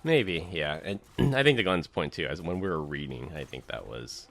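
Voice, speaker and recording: A man's voice: very deep voice, animated, normal speed, vocal fry, fairly bright tone. A man co-hosting a podcast, reading a rhyming roast of a friend and then chatting casually with laughs. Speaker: podcast co-host. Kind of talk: casual chat.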